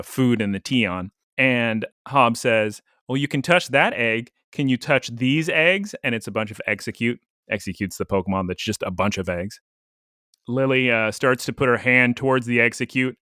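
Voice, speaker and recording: A podcast co-host recaps an anime episode in rambling, jokey casual chat packed with "like." His medium-pitched voice is a bit bright, clear and resonant, recorded dry at studio quality.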